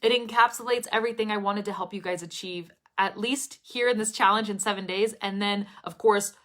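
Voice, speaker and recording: A young woman teaching English pronunciation, talking to her students in a live stream. She speaks very clearly and expressively and laughs often. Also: medium pitch, steady tone, brisk, fairly bright tone.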